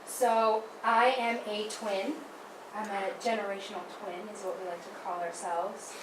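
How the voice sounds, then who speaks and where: A woman's voice: mid-range voice, a little slow. A young woman telling a funny childhood story about her brother's birth, acting out the big moments. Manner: animated, acts out big moments. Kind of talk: personal storytelling. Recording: roomy, distant mic, background noise.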